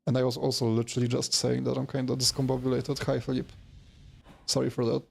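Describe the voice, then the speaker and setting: Tired gravelly-voiced man streaming. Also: medium pitch, completely flat delivery, quick pace, a little mellow. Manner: rambling, self-deprecating, swears casually. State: tired after work. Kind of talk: casual gaming livestream chat.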